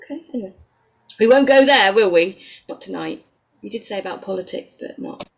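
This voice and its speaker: A woman with a husky voice, chatting and laughing as a guest on a live stream. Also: mid-range voice, animated, a little fast. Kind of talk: casual chat.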